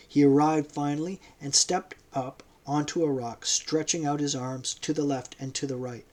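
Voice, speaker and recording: A man narrating a novel as an audiobook, in a measured storytelling manner. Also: a little high, fairly even intonation, a little mellow. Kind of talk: audiobook reading.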